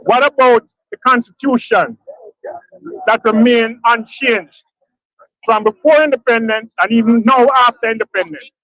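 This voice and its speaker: A man's voice: very high-pitched, steady tone, measured pace, dry recording, dull audio. A man with a Jamaican accent giving a speech at an outdoor protest, repeating phrases and quizzing the crowd. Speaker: protest speaker. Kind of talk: rally speech.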